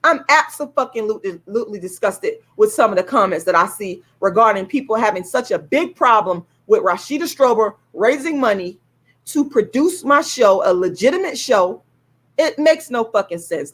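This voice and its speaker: A woman talks on her livestream in a heated, indignant way, swearing freely and circling back to the same points. Her voice sits a little high for a woman. She sounds like she is speaking into a computer mic. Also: animated, moderate pace, a bit bright. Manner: heated, indignant, profane, repeats herself. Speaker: YouTube live streamer promoting her own play. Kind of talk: angry livestream rant, then ticket promotion.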